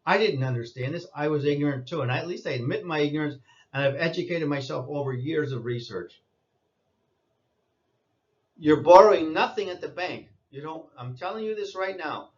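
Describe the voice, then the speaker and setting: A man's voice: on the high side, animated, a little fast, lo-fi sound. A man giving an insistent lecturing monologue, repeating his points and scolding listeners. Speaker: commentator.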